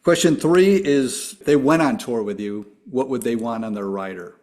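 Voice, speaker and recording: A man hosts a podcast interview, asking questions in a friendly, even manner. His voice sits at an ordinary male pitch. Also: moderate pace. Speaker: podcast host.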